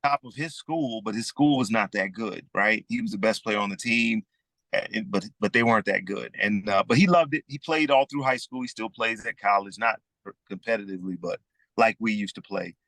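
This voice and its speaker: A man in his fifties with a Southern US accent, chatting easily as a podcast guest and telling stories in a relaxed way. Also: on the low side, a little fast, no echo. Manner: easygoing storyteller, calls people "man". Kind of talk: casual conversation.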